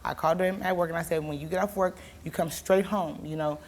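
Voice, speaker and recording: A young woman with a fairly low voice talks fast and with fairly even intonation as a guest telling a talk show host an emotional story. She grows tearful and pleading, rising at times to shouts.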